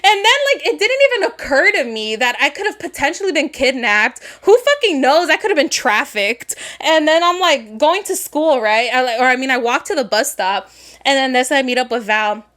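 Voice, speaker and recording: A young woman with a high voice tells a story on a podcast in a loose, casual way. She swears freely, acts out the other people's lines and keeps the story moving. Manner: animated, swears a lot, acts out quoted voices, laughs often. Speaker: podcast co-host.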